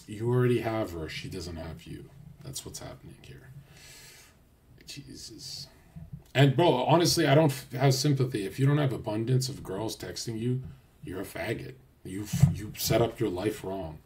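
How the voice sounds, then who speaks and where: A brash young man livestreaming in a casual, crude rant that swings from loud outbursts to low mutters.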